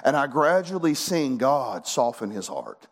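A man's voice: medium pitch, very animated, a little slow. A middle-aged man preaching a sermon as pastor, folksy and fervent, building to emphatic bursts.

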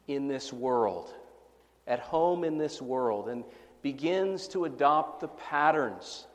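A man preaching a sermon with fervor, repeating his questions for emphasis. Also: a little high. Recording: long reverb of a hall.

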